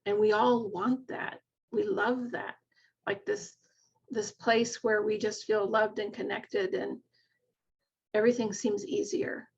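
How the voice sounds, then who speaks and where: A woman's voice: medium pitch, flat delivery, takes it slowly, a little mellow, slightly rough, lo-fi sound. A middle-aged woman, a nurse coach, speaking in an earnest, heartfelt way and retelling stories of her patients in a reflective conversation. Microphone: video call.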